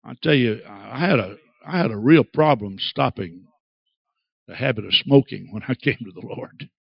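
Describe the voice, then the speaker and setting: A man preaching a sermon, dramatic and acting out quoted voices with big swings in pitch. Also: lively intonation, normal speed, vocal fry, husky, dry recording, dull audio. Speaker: pastor.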